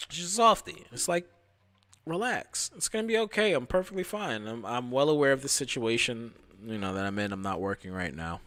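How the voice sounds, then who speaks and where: A man streaming live, telling a casual story in a rambling, profane, animated way. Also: mid-range voice, brisk.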